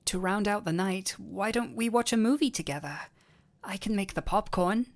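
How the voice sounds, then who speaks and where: A woman's voice: mid-range voice, moderate pace, natural voice. A woman voicing a sweet, clumsy male dullahan boyfriend in an audio role-play, tender and giddy with affection. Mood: affectionate. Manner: tender, giddy and affectionate, playful self-teasing. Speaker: voice actor.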